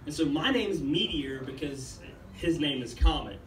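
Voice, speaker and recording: Laid-back Ethiopian-born young comedian. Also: male voice, a little high, expressive, normal speed. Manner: rambling, laid-back storytelling with frequent swearing. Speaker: stand-up comedian. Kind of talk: stand-up comedy set. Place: open-mic comedy room. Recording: roomy, distant room mic with faint background noise.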